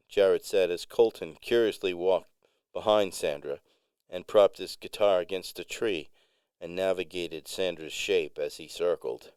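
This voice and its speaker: A man narrating a story in a measured, unhurried way. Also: low-pitched, a little mellow, smooth, no room sound.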